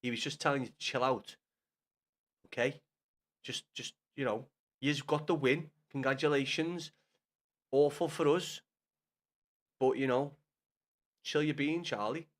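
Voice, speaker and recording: A young man chatting casually with viewers on a live gaming stream, swearing often and bantering loudly with chat. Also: mid-range voice, fairly even intonation, a little slow, long pauses.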